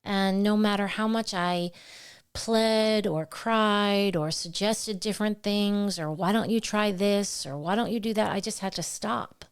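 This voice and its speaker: A woman's voice: mid-range voice, unhurried, smooth. A woman co-hosting a faith podcast, telling personal stories in an earnest, heartfelt way and acting out the voices in her retellings. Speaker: podcast co-host. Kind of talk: faith conversation, personal storytelling.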